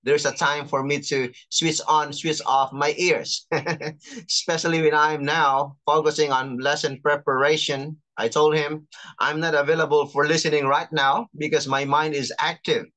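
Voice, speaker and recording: A chaplain teaching an online class, patiently explaining and reading out terms slowly over a video call. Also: mid-range voice, level tone, a bit bright. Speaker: chaplain and lecturer.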